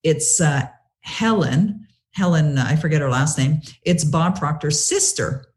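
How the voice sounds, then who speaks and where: A woman's voice: sits low, a little slow. A woman, a guest author, telling a story in an interview and eagerly retelling what people said to her. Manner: animated, retells conversations with lively quoting; many fillers and restarts.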